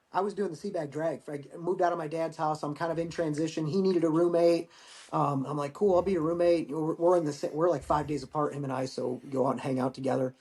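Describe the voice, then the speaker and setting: Middle-aged man, fairly high voice, profane storyteller on a remote call. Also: a little mellow. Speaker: guest, Marine veteran. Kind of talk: casual storytelling interview.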